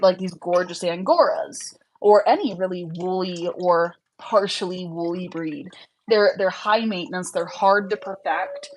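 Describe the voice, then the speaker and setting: A woman's voice: medium pitch, slight background noise, low-quality recording. A young woman hosting a casual livestream, chatting frankly with viewers and answering their questions with lots of fillers. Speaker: livestream host, rabbit breeder.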